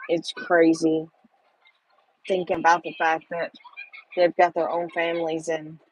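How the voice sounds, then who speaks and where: A woman's voice: low-pitched, monotone, measured pace, slight background noise, low-quality recording. A middle-aged woman, chatting with viewers on a casual livestream and rambling with lots of fillers. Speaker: livestream host.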